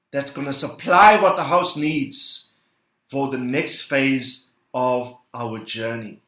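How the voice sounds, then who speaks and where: A male pastor delivers a sermon, his fairly high voice leaping up to stress key words. He calls the congregation to repeat phrases after him. The sound rings through a roomy, reverberant hall. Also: fairly bright tone. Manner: emphatic, rising bursts, calls the congregation to repeat.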